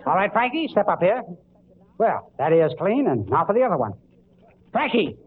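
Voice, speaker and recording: A comedian playing a mock-jolly school principal in an old radio comedy sketch. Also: male voice, sits high, big pitch swings, normal speed. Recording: tinny hissy old radio.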